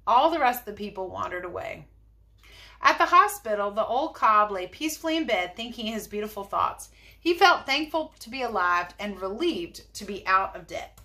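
A woman teacher reading a chapter book aloud, in an expressive, lively way. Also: medium pitch, moderate pace. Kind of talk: storybook read-aloud.

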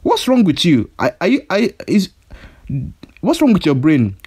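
A man's voice: mid-range voice, expressive, fast, natural voice. Man doing a stammering hot-headed kidnapper. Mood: furious. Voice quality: stammering, repeats himself. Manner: escalating, shouty threats. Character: hot-headed male kidnapper making threats. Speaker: prank caller. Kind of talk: prank phone call.

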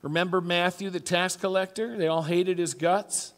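A man's voice: high voice, steady tone, moderate pace. A middle-aged man preaching a conversational sermon as pastor, chatty and self-deprecating, acting out little voices. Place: church sanctuary. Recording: long church hall reverb.

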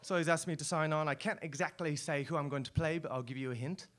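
A man's voice: on the high side, quick pace, fairly bright tone, a little hiss or hum, lightly acted. Man doing a chatty lizard mascot. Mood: cheeky. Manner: breezy, rambling, self-mocking, full of fillers. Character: chatty male lizard mascot, showbiz-proud, secretly lonely. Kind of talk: spoken word performance. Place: live stage at a poetry club.

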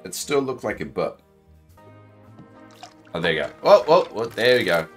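Excitable joking man streaming a game. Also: deep voice, normal speed, faint music behind. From New Zealand. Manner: excitable, joking, with sudden exclamations. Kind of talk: casual live-stream commentary.

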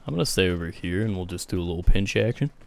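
Low-voiced drowsy male game streamer. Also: lively intonation, quick pace, creaky. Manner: laid-back, swears casually, talks to chat and teammate. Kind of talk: casual live gameplay commentary.

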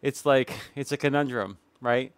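A male YouTuber giving indignant reaction commentary, emphatic, with dramatic pauses. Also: mid-range voice, clean tone, no echo.

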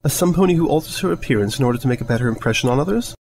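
A man's voice: medium pitch, expressive, racing, creaky, a little mellow, pitched above the performer's own voice. A man voicing a refined, fussy female pony with a prim, genteel way of speaking. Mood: subdued.

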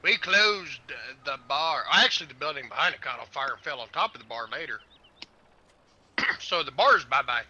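A man with a very bright, forward voice and a swinging, animated pitch, talking over a headset during a multiplayer farming game. He rambles crudely through stories and jokes with his friends. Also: moderate pace, lo-fi sound. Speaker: gamer on voice chat. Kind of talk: casual chat while gaming.

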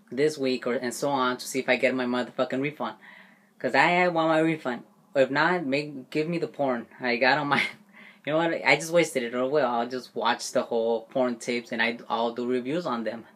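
A man ranting casually to camera as a vlogger, swearing freely and laughing often. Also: mid-range voice. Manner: profane, indignant, laughs often. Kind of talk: casual vlog rant.

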